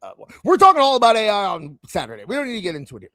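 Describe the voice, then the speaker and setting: A man's voice: rapid-fire, no room sound. A man hosting a casual wrestling talk show, chatting and rambling with a co-host. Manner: animated, rambling, jumps in pitch. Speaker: podcast host.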